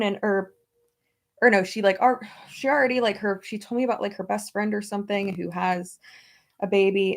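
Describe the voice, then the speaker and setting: In a medium-pitched voice with a steady tone and moderate pace, a young woman beauty vlogger chats casually as she gets ready. She rambles, says "like" a lot, laughs frequently, and acts out past conversations as quoted dialogue.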